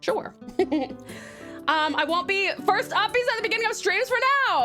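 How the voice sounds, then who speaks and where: A woman's voice: high voice, expressive, normal speed, fairly bright tone, soft background music. A woman streamer chatting casually with her chat, bubbly and giggly.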